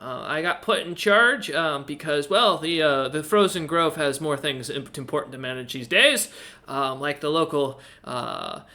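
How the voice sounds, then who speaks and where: A man's voice: a little high, big pitch swings, unhurried, sharp tone, heavily acted. A man voicing a cheerful, fussy little owl-like innkeeper with a chirpy, eager-to-please manner. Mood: chatty.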